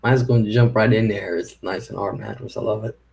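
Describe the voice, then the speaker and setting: A man's voice: lowish voice, fairly even intonation, fairly quick, gravelly, a little mellow. A middle-aged man, hosting a casual live stream and chatting with viewers in a rambling way, swearing when annoyed. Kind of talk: casual live chat reading viewer comments.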